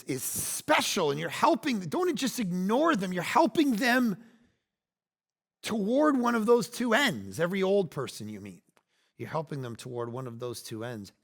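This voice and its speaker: A man in his forties preaching a sermon, animated, swinging between loud bursts and quiet asides. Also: mid-range voice, creaky. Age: 40s. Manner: acts out quoted lines in playful voices. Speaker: pastor.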